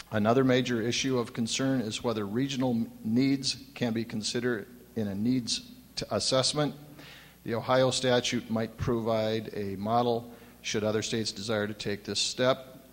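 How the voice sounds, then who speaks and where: A man speaks as a panelist at a conference, working through notes he wrote down and slipping in dry jokes. His voice rings out with a long reverb from a large hall. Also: mid-range voice. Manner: dry humor, reads from notes. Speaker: panelist commissioner. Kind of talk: prepared remarks on a panel.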